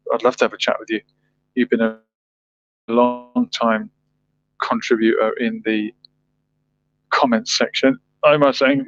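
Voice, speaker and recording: Reading viewer comments on his livestream, a male host chats casually and wonders aloud through rhetorical questions. His voice is medium in pitch with a fairly bright tone. The recording sounds dull, lo-fi, and dry.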